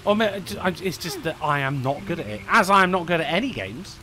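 A man's voice: a little high, expressive, fast talker, bright, forceful tone, soft background music. A man streaming a video game, rambling, swearing and mocking himself as he plays. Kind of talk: let's play commentary.

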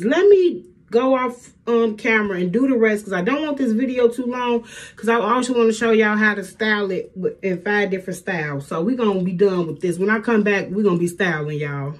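A chatty middle-aged woman vlogs from home, speaking straight to her viewers. She keeps calling them y'all and talks in a loose, easygoing way. Her pitch sits in a middle range. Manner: chatty, addresses viewers as y'all, Southern US speech. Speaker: hair vlogger. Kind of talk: casual vlog chat.

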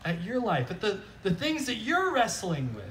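Pastor guy preaching outside, bright voice, bouncy pitch, chatty and jokey, mic kinda far off. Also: normal speed, a little hiss or hum. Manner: animated, joking, repeats "right?". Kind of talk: conversational sermon. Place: outdoor church service.

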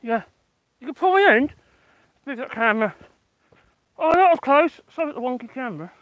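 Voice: high-pitched, animated, normal speed, a bit bright, dry recording. A vlogger chatting casually while building a greenhouse in a windy garden, muttering to themself, swearing and laughing. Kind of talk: casual DIY chat.

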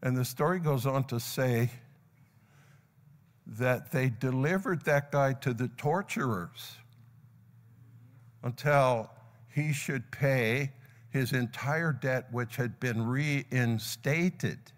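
Slow and marked by long pauses, an older pastor's mid-range voice carries a parable through his sermon, with him acting out its characters. The church sanctuary gives long hall reverb, and a live congregation is audible.

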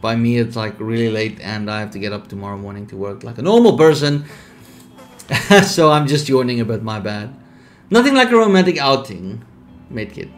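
A young man casually commenting on a survival game, reading its text aloud, laid-back and sleepy with sudden bursts of excitement. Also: fairly low pitch, a little fast, faint music behind. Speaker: streamer.

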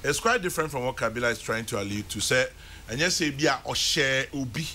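A Ghanaian man hosting a studio panel, cutting in with measured, dry remarks. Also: medium pitch, lively intonation, pushed and bright, slight background noise.

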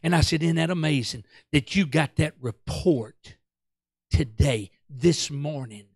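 A male pastor, telling a story in an excitable, stammering sermon that breaks into song. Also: fairly high pitch, a little slow, breathy edge, no room sound, clean studio sound.

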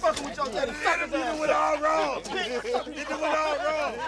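A man playing an interview host in a comedy skit, excitable and stammering. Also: very high voice, unhurried, over a noisy crowd. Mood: stunned. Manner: excited, stammering, loud exclamations. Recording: music playing under the voice.

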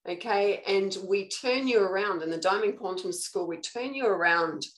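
A woman with an Australian accent giving a live online spiritual lesson. She coaches earnestly and keeps checking in with her listeners with a quick "okay". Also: mid-range voice, a bit bright, rough recording. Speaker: spiritual teacher.

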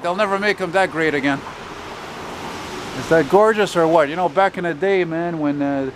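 A man with a gruff voice, walking and talking in a blunt, profane, rambling way as he films a casual vlog. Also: on the high side. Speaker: vlogger. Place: city street outdoors. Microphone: handheld camera. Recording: outdoor traffic noise. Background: street traffic.

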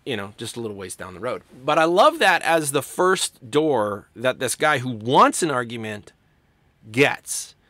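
Lively, animated male writing instructor. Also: fairly high pitch, dry recording. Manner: conversational, animated, acts out quoted lines. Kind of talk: recorded lecture for students.

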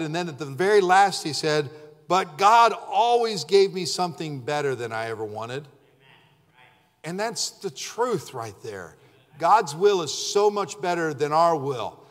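A male pastor preaching a sermon with fervor, shouting out acted prayers and then dropping low and quiet. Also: expressive, measured pace. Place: church sanctuary. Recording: long church reverb.

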